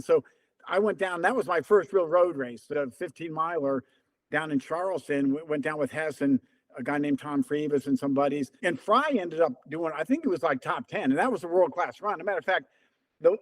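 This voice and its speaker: Lively older man with a high voice. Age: about 70. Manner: lively, acts out remembered dialogue in quotes. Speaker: interview guest, veteran distance runner. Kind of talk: conversational storytelling.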